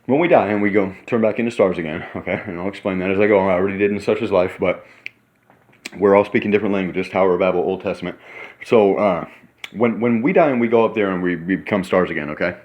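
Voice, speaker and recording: A vlogger in his thirties rambles excitedly through a casual monologue in a hotel room, sometimes eating as he talks. His voice is low-pitched and fast.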